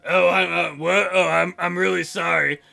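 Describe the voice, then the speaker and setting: A man's voice: high-pitched, fairly even intonation, moderate pace, vocal fry, pushed and bright, soft background music, heavily acted. A man voicing a clingy, tearful young prince in a visual novel game, reading his lines in a pleading, emotional way.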